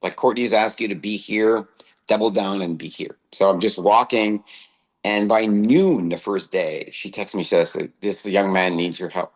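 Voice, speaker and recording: Low-voiced man telling a story. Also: fairly even intonation, normal speed, poor audio. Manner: anecdotal, tags phrases with "right?". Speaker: co-host. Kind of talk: casual storytelling chat.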